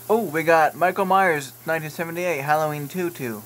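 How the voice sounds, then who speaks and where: Bright-voiced man rambling through a vlog. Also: fairly high pitch, a little fast, few pauses, low-quality recording. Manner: rambling, jokey, swears, reads product listings aloud with asides. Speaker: YouTube vlogger. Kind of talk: casual vlog commentary while browsing online.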